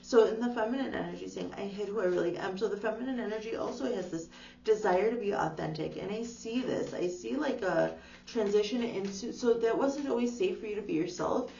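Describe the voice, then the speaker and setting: A woman giving a casual, gentle tarot reading, reassuring her viewers and filling her talk with "like". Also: mid-range voice, fairly quick, gravelly. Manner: gentle, reassuring, uses lots of "like". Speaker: tarot reader. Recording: echoey room, distant dull mic, faint hum.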